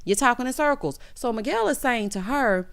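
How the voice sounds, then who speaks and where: A woman's voice: a little high, animated, normal speed, vocal fry. Sassy woman recapping reality TV. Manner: sassy, blunt, talks straight to the cast. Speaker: recap commentator. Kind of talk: reality show recap commentary.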